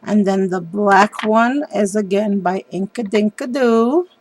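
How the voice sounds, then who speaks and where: A woman hosting a craft video, chatting warmly and enthusiastically about how she made a card, with frequent ums. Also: mid-range voice, measured pace, a little hiss or hum. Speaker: papercraft video host. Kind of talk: casual craft show-and-tell.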